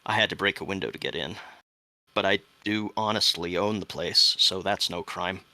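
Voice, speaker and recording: Low-voiced man reading a tense statement. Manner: measured, drops to hushed tones for tense moments. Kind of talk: dramatic first-person statement reading.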